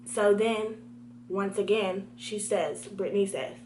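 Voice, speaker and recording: A young woman telling a story to her viewers in a lively, direct way, with a mid-range voice. A faint hiss sits under her talk. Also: mid-range voice, takes it slowly. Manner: animated, talks to viewers directly. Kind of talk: storytime vlog.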